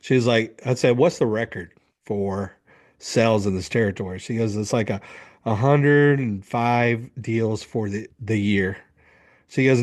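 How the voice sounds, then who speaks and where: A middle-aged man, a men's coach, telling a story in an interview, acting out what people said and swearing freely. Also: medium pitch. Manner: animated, acts out quotes, swears freely.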